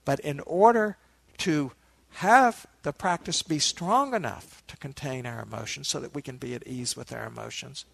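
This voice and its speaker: A man with a slightly high, gravelly voice leads a dharma talk as a meditation teacher. He tells a teaching story in a relaxed way and turns to his listeners with asides. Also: dry recording.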